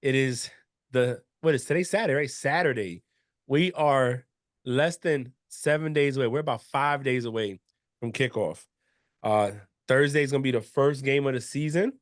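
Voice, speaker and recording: A man hosting a casual sports podcast, chatting in a relaxed, conversational way with frequent restarts. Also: mid-range voice, moderate pace, dry recording, clean studio sound. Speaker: podcast host.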